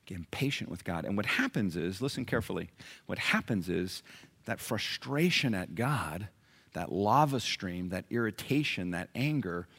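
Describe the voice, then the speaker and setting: A man's voice: on the low side, fairly bright tone. A male pastor preaching a sermon, telling stories dramatically, acting out voices and asking the congregation questions.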